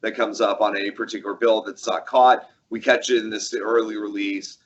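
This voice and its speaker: A man's voice: fairly low pitch, flat delivery. Easygoing male co-host, dull audio. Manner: easygoing, quick interjections. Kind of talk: casual webcast chat.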